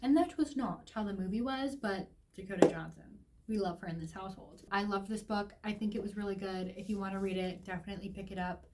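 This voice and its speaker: Woman vlogger, enthusiastic, talkative book chat in an everyday mid-pitched voice. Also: fast talker, hardly any pauses, noisy background. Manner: gushing, chatty, heavy use of "like". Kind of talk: casual book review vlog.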